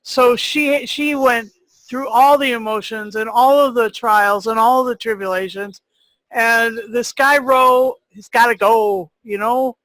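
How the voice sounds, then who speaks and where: A woman speaks slowly as a podcast guest, emphatic and indignant. Her voice sits in a middle pitch, and the sound is dry and close. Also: fairly even intonation, a bit bright, dry recording, poor audio. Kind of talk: casual podcast chat.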